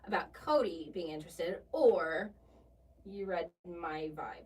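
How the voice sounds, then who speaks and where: A woman's voice: lowish voice, a little slow, darkish tone. Chatty woman a bit off-mic. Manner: chatty, teasing, many fillers. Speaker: podcast co-host. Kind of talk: casual chat. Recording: distant mic with faint noise.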